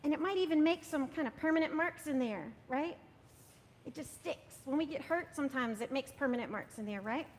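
High-voiced woman leading a children's message. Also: expressive, brisk. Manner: gentle, coaxing, often asks "right?". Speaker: children's sermon leader. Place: church sanctuary. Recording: long reverb, faint rumble.

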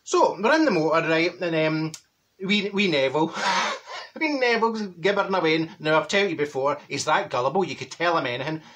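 A man's voice: on the high side, lively intonation, brisk, a bit bright. A man playing a chatty, gossipy middle-aged Glaswegian woman with a broad Glaswegian accent, telling rambling comic stories full of malapropisms. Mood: gabbing. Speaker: comedy character monologue. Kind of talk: comedic storytelling monologue.

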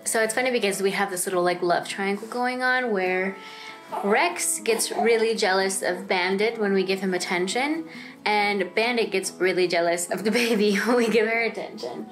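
A woman's voice: mid-range voice, normal speed, soft background music. A young woman vlogging casually at home in her apartment, chatty and bubbly, laughing often as she talks to the camera. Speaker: vlogger and new mom.

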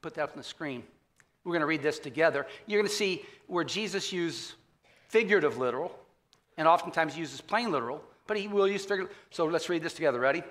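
A man's voice: on the high side, animated, fast, a bit bright. A man pastor giving a conversational sermon, often asking the congregation questions. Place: church auditorium.

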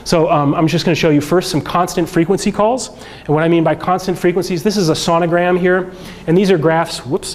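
A man lecturing a workshop class, walking through slides in a loose, conversational way with plenty of ums and restarts. His voice sits a little high for a man. Faint noise hangs in the lecture room behind him. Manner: relaxed, conversational, with frequent fillers and restarts. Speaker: workshop instructor.

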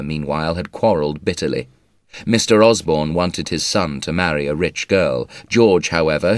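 Male audiobook narrator, very low voice, dry studio sound, measured read. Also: dry recording. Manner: measured, even storytelling.

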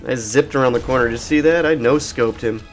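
A man's voice: medium pitch, fast talker. Give me an adult man casually commenting on a video game, wandering off into long anecdotes full of swearing and self-deprecating jokes. His voice sits in a middle register and he talks loosely, with restarts and asides. Faint game music plays underneath. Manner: meandering, profane, jokey storytelling. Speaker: let's play host. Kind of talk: rambling gaming commentary.

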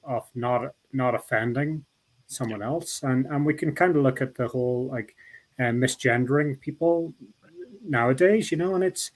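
A man's voice: medium pitch, moderate pace, poor audio. A middle-aged man with a Northern Irish accent, a guest talking in a casual interview, rambling with many restarts and asides. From Northern Ireland.

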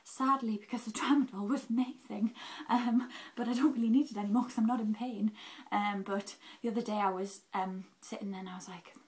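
A woman's voice: mid-range voice, steady tone, brisk, low-quality recording. Young english woman vlogging, super candid and chatty, lots of ums. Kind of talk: casual health update vlog.

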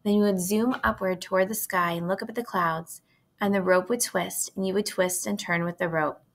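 A woman reads a children's novel aloud at an even, gentle storytelling pace. Her voice is mid-pitched with a noticeable creaky, gravelly edge. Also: moderate pace.

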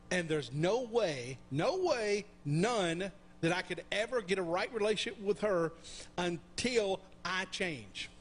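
A man's voice: high voice, slight background noise. A middle-aged man preaching a conversational sermon, often checking in with the congregation with questions. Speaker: pastor. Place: church sanctuary.

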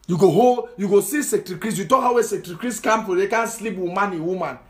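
A man's voice: sits high, fast talker. A man with a Cameroonian Pidgin English accent delivering an impassioned social media monologue, scolding his audience with repeated rhetorical questions. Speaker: political commentator.

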